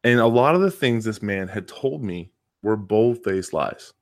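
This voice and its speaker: Low-ish guy, coach cohosting a podcast, telling a story casually, repeats stuff for emphasis. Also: expressive, measured pace. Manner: emphatic, repeats words for stress. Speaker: podcast co-host, coach and PE teacher.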